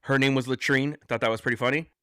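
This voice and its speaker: A man's voice: mid-range voice, fairly even intonation, very fast, fairly bright tone, clear, resonant tone, no echo, clean studio sound. Casual man reviewing a movie. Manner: rambling, with restarts and quoted lines. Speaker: podcast host.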